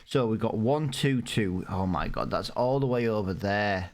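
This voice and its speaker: A man's voice: on the low side, moderate pace. A man giving casual, rambling let's-play commentary over a farming game, with many fillers and restarts. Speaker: gaming YouTuber.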